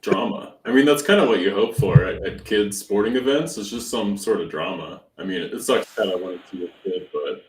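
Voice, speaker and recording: A man's voice: deep voice, lively intonation, fairly quick, hardly any pauses. Distant man in a roomy space. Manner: chiming in with short agreeing remarks. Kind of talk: casual chat. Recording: roomy, distant mic with faint noise.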